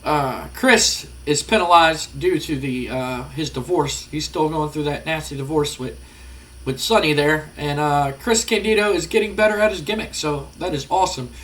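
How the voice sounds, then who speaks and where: A man's voice: fairly high pitch, normal speed, a bit bright. A man giving rambling, casual let's-play commentary, full of fillers. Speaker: gaming channel host.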